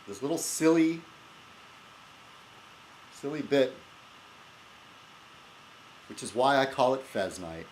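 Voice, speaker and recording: A man chatting loosely on his own video blog, rambling and poking fun at himself. His mid-pitched voice rises and falls a lot, with faint room ambience behind it. The sound comes from a laptop webcam mic. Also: animated, a little slow, pauses often, darkish tone, a little hiss or hum. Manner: rambling, self-deprecating, chuckles often. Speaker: video blogger host. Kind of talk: casual vlog chat.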